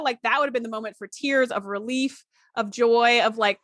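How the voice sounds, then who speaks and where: A woman's voice: on the high side, normal speed, fairly bright tone, dry recording, clean studio sound. A young woman co-hosting a podcast in casual chat, agreeable and joking while she reflects on the topic. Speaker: podcast co-host.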